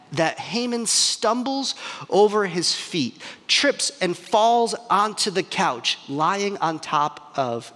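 A man preaching a sermon and retelling a story in an animated, dramatic, conversational way. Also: sits high, long reverb tail.

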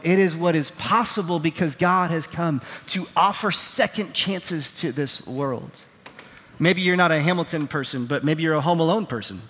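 A pastor with a slightly high, somewhat bright voice preaches a sermon on a stage in a large hall, wearing a microphone, with big-room sound around him. He tells stories with acted-out quotes, earnest and self-deprecating.

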